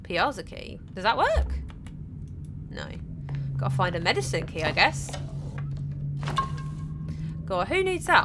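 A woman with a medium-pitched voice streams herself playing a horror game over a noisy background. Her let's-play commentary is casual and chatty, full of self-mocking jokes aimed at herself.

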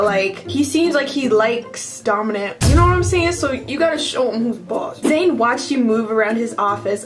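A young woman YouTuber chatting in a bubbly, giggly way while reading an AI chat aloud. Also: on the high side. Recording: music playing behind.

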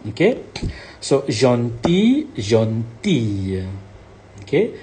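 A male teacher giving a French lesson, repeating each word slowly and checking understanding with a rising "okay?". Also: mid-range voice, huge pitch swings, mellow, a little hiss or hum. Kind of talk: recorded language lesson.

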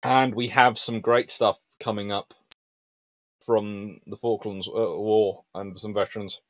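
His voice is on the low side and his pace measured, with no echo on the recording. He hosts a casual history livestream, reading ship lists in a sing-song manner and chatting lively with viewers as he answers their comments.

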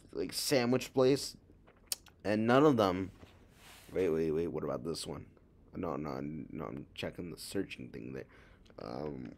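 A man's voice: a bass voice, a little mellow. A young man reacting to a story video in casual chat, rambling and joking, often calling people bro. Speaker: reaction streamer.

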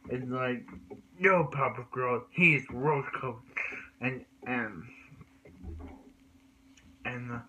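A man's voice: mid-range voice, pushed and bright, lo-fi sound, a little hiss or hum. A man recapping cartoon episodes in a rambling way, with many restarts and repeated words. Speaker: cartoon reviewer.

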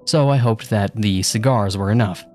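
A man's voice: lowish voice, moderate pace, darkish tone, faint music behind. A man narrating a first-person horror story with a casual, sarcastic tone.

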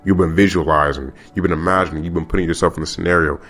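A man's voice: deep voice, steady tone, rapid-fire, fairly bright tone. A man hosting a podcast in a casual monologue, talking passionately and repeating his phrases as he rambles. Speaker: podcast host.

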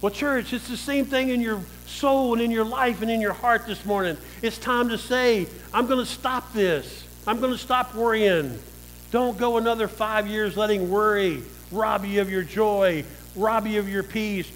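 A man's voice: high-pitched, steady tone, normal speed, hardly any pauses, fairly bright tone, slight background noise, low-quality recording. A male pastor preaching a sermon, calling out to the church and asking them for an amen. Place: church sanctuary.

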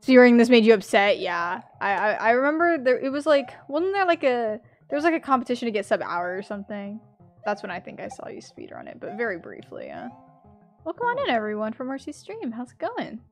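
A woman streaming a platform game, chatting with her viewers, laughing a lot and yelling loudly when she fails. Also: a little high, huge pitch swings, brisk, soft background music. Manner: chatty, laughs often, bursts into loud yells at failures. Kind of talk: casual live-stream commentary.

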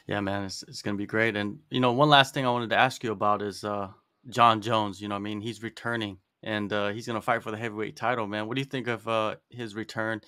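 A man's voice: on the low side, steady tone, fast talker, pushed and bright, clean tone. A man hosting a casual sports interview, laid-back, asking questions peppered with "man" and "you know".

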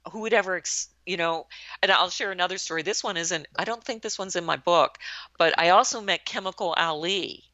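Lady in her 60s, bright forceful voice, acts out quotes as she tells stories, dull dry lo-fi sound. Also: lowish voice, dry recording. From United States. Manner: lively storyteller who acts out quoted lines. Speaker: interview guest, retired army colonel. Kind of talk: anecdotal storytelling in a podcast interview.

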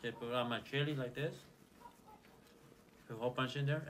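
A man hosting a casual food vlog, talking in a relaxed, chatty way with lots of fillers while he eats. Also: medium pitch, brisk, long pauses, noisy background. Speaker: channel host.

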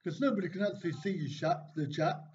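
A man hosts a casual live stream, reading out viewers' jokes and questions from the chat and answering with dry, self-mocking remarks. His voice sits a little high. The sound is dull and lo-fi, with a faint hiss underneath. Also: quick pace, darkish tone. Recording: dull, slightly lo-fi stream audio with faint noise.

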